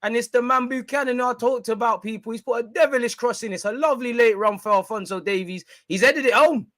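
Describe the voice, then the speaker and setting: A man hosting a live football watch-along, reacting excitably and chatting with viewers in slang. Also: extremely high pitch, quick pace, dry recording.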